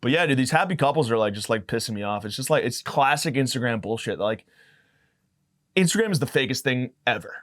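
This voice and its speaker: A young man in the middle of a comedic podcast monologue, swearing freely and bouncing between tangents. His voice sits at an ordinary pitch for a man, and he rants with loose, rambling energy. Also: expressive, a little fast, a bit bright. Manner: rambling, profane ranting. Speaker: podcast host.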